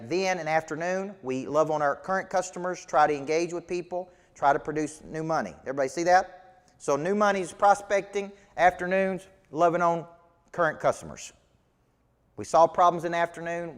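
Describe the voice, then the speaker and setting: A man's voice: fairly high pitch, a little fast, in a large hall. Emphatic Southern man coaching a live room. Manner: emphatic, folksy and preachy, asks the audience questions. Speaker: business coach. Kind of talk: live motivational training talk.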